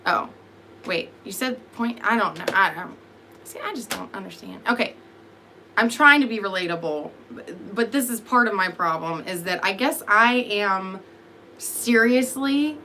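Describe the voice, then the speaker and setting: Sleepy woman rambling to her chat, bright tense voice, swears a lot, faint room hum. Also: mid-range voice, lively intonation, unhurried. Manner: rambling, profane, self-deprecating, answering chat. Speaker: vlogger talking to live chat. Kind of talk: rambling live-stream chat.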